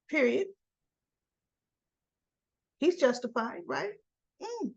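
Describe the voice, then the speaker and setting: A woman's voice: mid-range voice, lively intonation, slow pace, pauses often, dull audio. A woman host recapping a soap opera in a chatty, opinionated storytelling manner. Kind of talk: casual recap narration.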